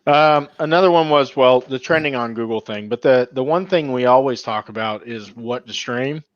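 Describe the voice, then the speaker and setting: A man's voice: mid-range voice, normal speed, dry recording, highs cut off. A man hosting a casual live chat show, chatty and given to laughing, busy with his screen as he talks. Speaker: podcast host.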